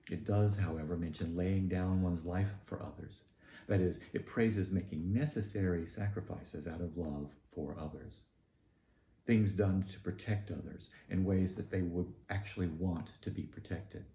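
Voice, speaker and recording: Deliberate, pointed emphasis marks this sermon by a low-voiced man with a Southern US accent. His sound is dark and mellow, and there is a faint hum behind the roomy, echoing recording.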